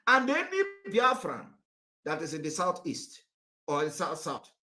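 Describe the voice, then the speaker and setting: Nigerian male activist, impassioned address, very animated delivery. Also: a little high. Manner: fiery, repetitive, rises to shouting. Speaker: political activist.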